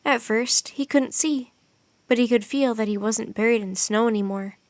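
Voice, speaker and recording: A woman with a fairly high voice reads a children's adventure story aloud. Her storytelling is expressive and steady. The recording is close and dry, as in a studio. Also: moderate pace, no echo. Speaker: narrator. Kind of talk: audiobook narration.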